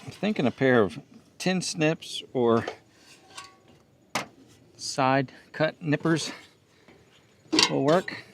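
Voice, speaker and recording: Man calmly explaining a DIY job. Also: on the high side, extremely slow, vocal fry, long pauses, background noise. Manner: explains each step plainly while working, thinking aloud. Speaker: DIY channel host. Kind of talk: casual how-to narration.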